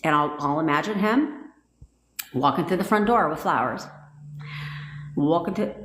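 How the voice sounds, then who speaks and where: A woman talking casually on a livestream as a manifestation coach, blunt, profane and excitable. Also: on the low side, fairly quick, reverberant.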